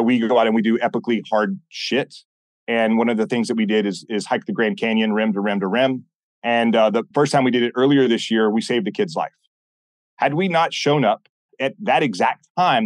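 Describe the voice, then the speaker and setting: A man guesting on a podcast, telling stories in a blunt, animated way and acting out what people said. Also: mid-range voice, a little fast, dry recording. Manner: animated, blunt, swears often, acts out quoted dialogue. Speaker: podcast guest, former military instructor. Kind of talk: casual interview storytelling.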